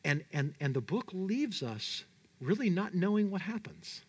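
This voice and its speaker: A man preaching a conversational, animated sermon and often putting questions to his audience. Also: high voice, a little slow, husky. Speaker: pastor.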